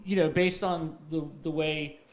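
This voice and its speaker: A man co-hosting a casual podcast, telling stories in a halting, rambling way with many fillers. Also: fairly high pitch, steady tone. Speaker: podcast co-host.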